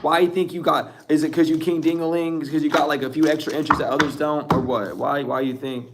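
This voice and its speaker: Guy doing a tarot reading, laughs a ton, roasts folks, cusses, voice a bit high and kinda rough in the throat. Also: fairly even intonation, fast, few pauses, fairly bright tone, slight background noise. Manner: laughing, teasing, blunt and profane. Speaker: tarot reader. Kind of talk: casual tarot reading monologue.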